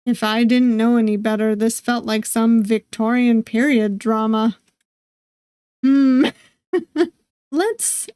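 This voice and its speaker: A woman streamer reading a visual novel aloud, with steady narration and playful asides. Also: fairly high pitch, clean tone, dry recording, studio quality. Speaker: gaming streamer.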